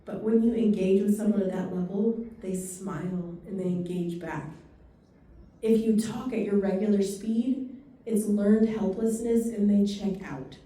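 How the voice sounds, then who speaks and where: A woman training an audience on dementia care, speaking fast and animated with a dark, mellow tone. Her voice is heard from a distance in a very echoey room. She tells stories with quick asides. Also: medium pitch. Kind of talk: training talk to a live audience.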